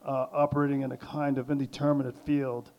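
An older man speaking on a panel, halting and full of restarts and fillers as he works through his thoughts. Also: mid-range voice, flat delivery, lo-fi sound. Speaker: artist on a panel. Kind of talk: hesitant panel talk.

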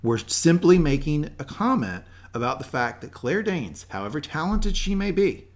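A man co-hosting a podcast, giving emphatic, animated opinions in casual review chat. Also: on the high side, normal speed. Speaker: podcast co-host.

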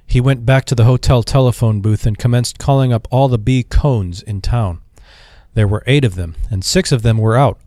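Male audiobook narrator, measured delivery, mid pitch, dry booth sound. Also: dark tone, no room sound. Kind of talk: scripted narration.

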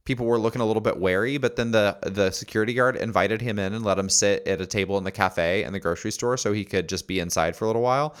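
A man's voice: fairly low pitch, fast talker, few pauses, clear, resonant tone. A man co-hosting a podcast, chatting casually and telling anecdotes full of ums, acting out the people in his stories. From Los Angeles area resident. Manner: rambling with many ums, acts out voices in his stories. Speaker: podcast co-host. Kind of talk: casual chat, storytelling.

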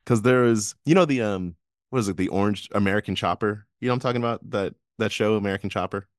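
A man's voice: on the low side, fast, dry recording, clean studio sound. A man co-hosting a podcast, chatting casually about the markets, laughing often and rambling through restarts. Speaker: podcast co-host. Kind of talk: casual finance chat.

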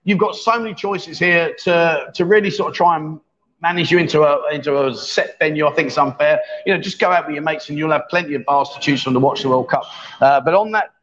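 Chatty fast-talking male stream host. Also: on the high side, a bit bright. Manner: chatty, jokey, laughs often. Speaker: livestream host. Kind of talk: casual live-stream chat, reading viewer comments. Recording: dull lo-fi stream audio.

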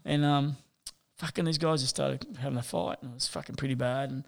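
A man's voice: medium pitch, fairly even intonation, brisk, creaky. A man telling rambling, sweary stories in a casual chat, full of fillers.

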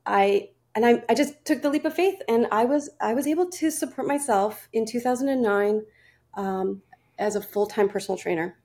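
A woman in her forties with a medium-pitched, darkish voice appears as a podcast guest. A fitness and nutrition coach, she tells stories in a casual interview, laughing often and restarting her sentences frequently.

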